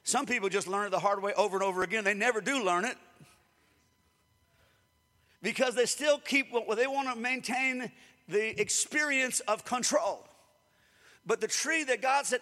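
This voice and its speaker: A man preaching a sermon to a congregation, lively and calling out to the room. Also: high-pitched, moderate pace, big-room sound. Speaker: pastor.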